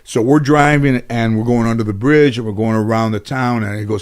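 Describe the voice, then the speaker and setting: A man with a medium-pitched, clear, resonant voice talks briskly as a guest in a casual interview. He tells long, rambling anecdotes packed with fillers and restarts, and he gets animated when acting out the people he quotes.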